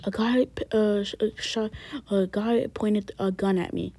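A woman's voice: medium pitch, steady tone, a little slow, dark tone. A woman voicing a defensive teenage boy who stammers and fumbles his words in a one-person family skit. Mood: shaken.

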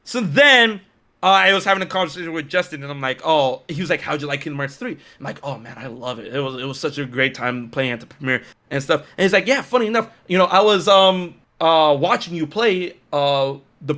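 A man with a high-set voice tells a casual story, acting out other people's quoted lines with animated jumps in tone. His sound is bright and forward, and his speech is loose and full of fillers. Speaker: streamer and content creator.

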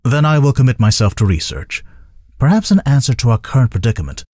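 A man voicing a dignified ruler who talks in a formal, measured, courtly way, in a video game. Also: medium pitch, very animated, dark tone, dry recording, studio quality.

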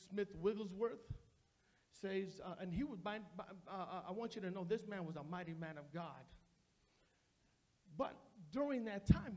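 High-voiced male pastor preaching. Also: darkish tone. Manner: repetitive preaching cadence; addresses the congregation directly. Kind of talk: sermon. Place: church sanctuary.

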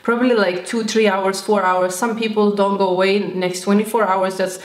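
A woman's voice: mid-range voice, level tone, moderate pace. A woman skincare vlogger talking casually to camera, gushing and effusive, often repeating her words. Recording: echoey room.

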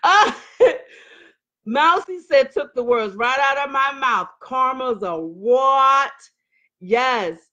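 A woman's voice: sits high, very slow, dull audio. A middle-aged woman, hosting a casual live stream, reading viewer comments, laughing and talking with emotional outbursts. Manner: animated, laughing, emotional outbursts, Southern Black vernacular phrasing.

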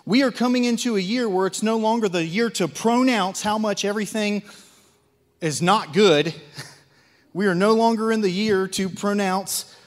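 A man's voice: high voice, normal speed. Zealous preacher man in an echoing church hall. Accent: Midwestern American. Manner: swings between loud zealous outbursts and hushed asides; rhetorical questions, repetitions and acted-out quotes. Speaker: lay preacher. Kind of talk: sermon. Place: church sanctuary.

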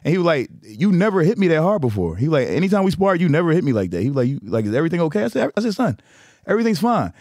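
A man's voice: a little high, rapid-fire, few pauses, no room sound, clean studio sound. A middle-aged man hosting a casual comedy chat, telling stories with lots of laughter and acted-out quotes. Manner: animated storyteller, laughs often, acts out quotes. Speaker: podcast host.

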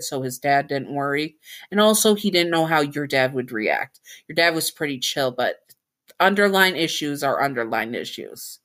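A woman's voice: low voice, a bit bright. A woman narrating a second-person fan-fiction story in a chatty style, with self-corrections and offhand asides.

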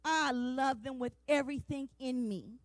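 A woman's voice: sits high, unhurried, no room sound. A woman in her forties preaching a sermon, passionate and emphatic, with repeated refrains and a plain, down-to-earth way of talking straight to the congregation. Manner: colloquial, talks straight to the congregation. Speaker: women's day speaker.

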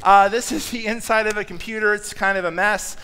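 A man preaching a sermon in a church, telling stories in a conversational, self-deprecating way with quick asides. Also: high-pitched, steady tone, sharp tone, clean tone. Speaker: pastor.

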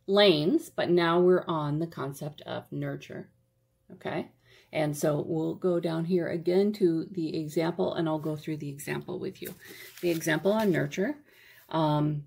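Gravelly low-voiced woman teaching casually. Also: a little mellow. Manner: conversational, checks in with "okay?", self-correcting. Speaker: parenting workbook presenter.

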